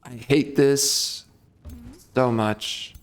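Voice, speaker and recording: Slow, grumbling young man gaming. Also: mid-range voice, steady tone. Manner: grumbling, exasperated muttering. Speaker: gameplay streamer. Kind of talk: frustrated gameplay commentary.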